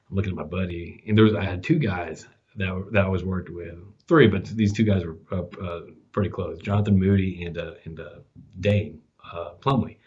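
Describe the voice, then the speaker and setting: A man who hosts a podcast, telling casual stories with lots of restarts and fillers, laughing at his own jokes. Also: deep voice. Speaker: podcast host, guest this episode. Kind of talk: casual storytelling chat. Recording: dull lo-fi sound.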